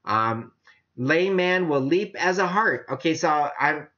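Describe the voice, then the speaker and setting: A man preaching a casual sermon, animated and chatty, often laughing as he talks. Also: on the high side, slow pace. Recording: dull lo-fi sound.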